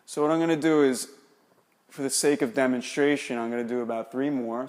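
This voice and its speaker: A man's voice: medium pitch, steady tone, brisk, darkish tone, long reverb tail. A man, an exercise specialist, explaining and demonstrating shoulder exercises in a coaching manner.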